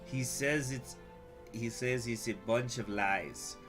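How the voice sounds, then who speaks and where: A man voicing a calm man translator slowly relaying a call in a flat tone. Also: mid-range voice, faint music behind.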